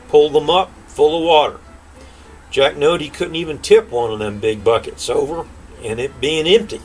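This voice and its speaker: An older grandfather reading a folk tale aloud in an unhurried, folksy way. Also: medium pitch, fairly bright tone, a little hiss or hum, low-quality recording. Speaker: storyteller.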